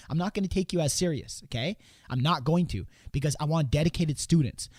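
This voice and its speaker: A man's voice: fairly high pitch, a little mellow, dry recording, studio quality. A man hosting a sales coaching show, talking casually and rambling, often restarting sentences. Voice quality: rambling, repeats words and restarts, acts out quotes in a raised voice.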